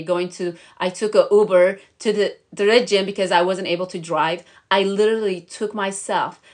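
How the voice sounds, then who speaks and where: A young woman vlogger talking earnestly and emotionally, encouraging her viewers in a motivational chat. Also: on the low side. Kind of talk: motivational vlog talk.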